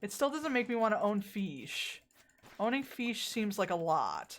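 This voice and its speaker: A woman's voice: medium pitch, very animated, measured pace, a little hiss or hum. A woman streamer chatting casually while playing a game, often exasperated, rambling and swearing at it. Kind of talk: casual gameplay chat.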